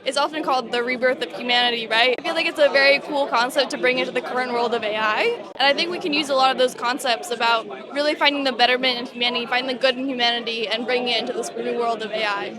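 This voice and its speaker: A woman's voice: a little high, fairly even intonation, fast talker, few pauses. A young woman speaking at a conference event, upbeat and enthusiastic, with casual fillers. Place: busy conference venue. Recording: crowd noise behind. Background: loud crowd chatter.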